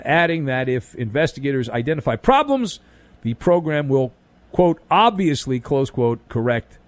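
A man with a fairly high-pitched voice, recorded with no room sound, hosts an overnight sports talk radio show from the studio. His monologue is punchy, animated and wisecracking, full of jokes and pop-culture riffs.

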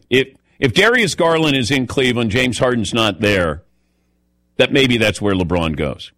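A man of middle pitch hosts a talk radio show, chatty and anecdotal. His voice is close and dry, with no room around it. He tosses the talk to his co-hosts often. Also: fairly bright tone, no room sound. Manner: chatty storyteller, calls on co-hosts by name. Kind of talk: casual radio show chat.

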